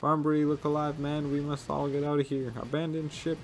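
A man voicing a vain, theatrical male merchant from a video game, with a grandiose, drawn-out lordly delivery. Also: deep voice, slight background noise. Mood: flustered. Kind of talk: reading game dialogue aloud.

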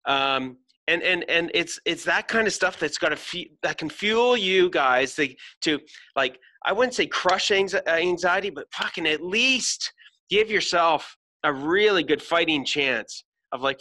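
Man, middle-aged, podcast host, motivational talk, swears a lot, bright tense voice, fairly high pitch. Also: animated, unhurried, a little hiss or hum. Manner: blunt, heavy swearing, emphatic.

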